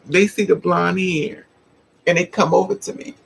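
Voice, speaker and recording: A woman's voice: fairly low pitch, steady tone, normal speed, vocal fry, husky, low-quality recording. A woman vlogger casually telling a personal story to her viewers, acting out the dialogue and laughing often.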